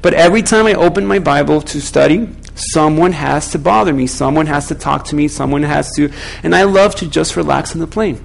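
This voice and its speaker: A pastor with a high, light voice delivering a sermon. He speaks directly to his congregation and keeps throwing questions at them. His pitch sits well above most men's. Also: brisk, creaky, hardly any pauses, low-quality recording.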